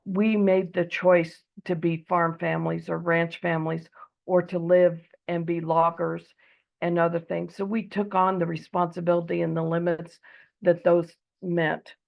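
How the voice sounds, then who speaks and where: A woman's voice: on the low side, level tone, a little slow, vocal fry, lo-fi sound. A woman from Eastern Oregon, losing her voice, giving an earnest debate speech with frequent ums over a video call. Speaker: debate speaker.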